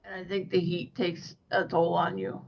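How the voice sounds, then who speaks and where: A guest in a casual live-stream chat who talks haltingly and keeps restarting sentences. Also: medium pitch, level tone, vocal fry. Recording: dull lo-fi stream audio.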